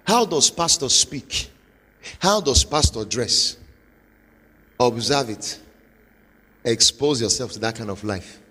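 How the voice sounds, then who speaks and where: Husky Nigerian pastor preaching in a hall. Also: male voice, mid-range voice, lively intonation, takes it slowly, pauses often. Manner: forceful, repetitive exhortation. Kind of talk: motivational sermon. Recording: long hall reverb.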